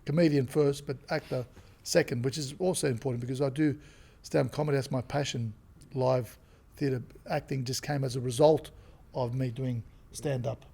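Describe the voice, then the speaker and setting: An Australian man, a comedian and actor, chatting as a podcast guest and telling animated stories. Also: mid-range voice, moderate pace, creaky, hardly any pauses, husky. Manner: animated storyteller who acts out quotes. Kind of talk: casual interview chat.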